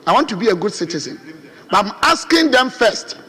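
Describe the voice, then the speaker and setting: A Ghanaian man addressing parliament in a high, bright voice that swings widely in pitch. His appeals ring out with a long hall reverb from the chamber. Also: sing-song, brisk, slightly rough. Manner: oratorical, appealing, rhetorical questions. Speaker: member of parliament. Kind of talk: parliamentary debate speech.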